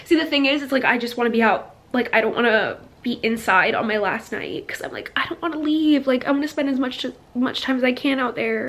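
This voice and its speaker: A young woman talking casually into a handheld phone camera as a travel vlogger, full of "like" and quick laughs, first walking by the seaside and then indoors. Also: on the high side, fairly bright tone. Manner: chatty, lots of "like", laughs often. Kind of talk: casual vlog chat. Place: out on a seaside walkway, then indoors at her rental.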